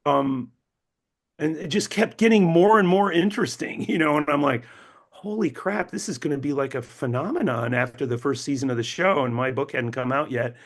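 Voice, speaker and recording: A middle-aged man, a novelist being interviewed, telling stories animatedly, acting out quotes and often repeating words as he restarts. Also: moderate pace. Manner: animated, acts out quotes with big pitch jumps. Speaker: novelist guest.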